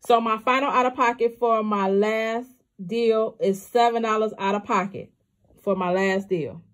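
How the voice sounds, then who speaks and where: A woman's voice: on the high side, steady tone, unhurried. A young woman, chatting candidly to her viewers about her couponing trip and calling them y'all. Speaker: couponing vlogger. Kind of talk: casual chat to viewers.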